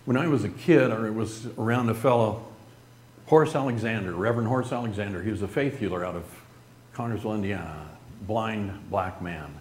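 A man telling a group an emotional personal story in an earnest, halting way, with restarts and some throat-clearing. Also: lowish voice, echoey room, slight background noise.

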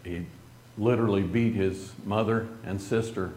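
A middle-aged man telling a personal story earnestly and haltingly, his voice dropping soft at grave moments. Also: fairly low pitch, steady tone. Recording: roomy echo with faint noise.

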